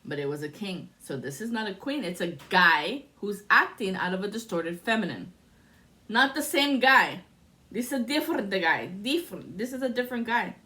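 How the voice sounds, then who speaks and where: A woman's voice: medium pitch, animated, moderate pace, bright, forceful tone. A woman giving a spiritual tarot reading to camera, talking in a rambling, musing way and often breaking into laughter. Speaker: tarot reader.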